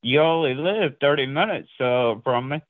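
A man's voice: mid-range voice, normal speed, no room sound. A man on a phone call, hesitant and insistent, full of fillers. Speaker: caller. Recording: tinny phone line.

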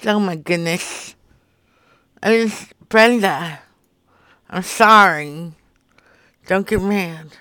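A woman's voice: mid-range voice, drawn-out words, pauses often, sharp tone, smooth, no room sound, clean studio sound. A woman streaming live as she makes prank phone calls, teasing and mock-stern with the people she rings.

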